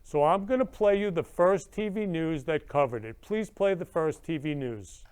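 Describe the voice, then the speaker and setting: A man's voice: on the high side, normal speed, a little mellow, smooth. A man hosting his own talk show, speaking in an effusive, emotional way and repeating words of love. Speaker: show host. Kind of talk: emotional casual monologue.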